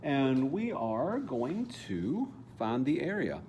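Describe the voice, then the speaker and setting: A man's voice: medium pitch, huge pitch swings, takes it slowly, darkish tone, lo-fi sound, slight background noise. A man teaching a calculus problem step by step in a casual, thinking-aloud way, now and then correcting himself. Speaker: math teacher. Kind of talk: calculus lesson walkthrough.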